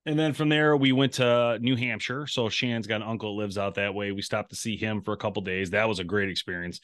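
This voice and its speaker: A man with a fairly low voice tells his travel stories casually, in a rambling way. He co-hosts an outdoors podcast. The sound is dry and close, with no room echo. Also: fairly even intonation, a little fast, a bit bright. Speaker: podcast co-host. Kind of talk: casual chat.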